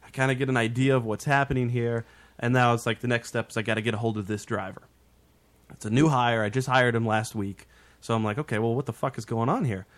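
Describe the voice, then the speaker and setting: A man's voice: medium pitch, fast. A man telling a story in casual chat with friends, swearing often and acting out what each person said. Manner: animated, swears, acts out quotes.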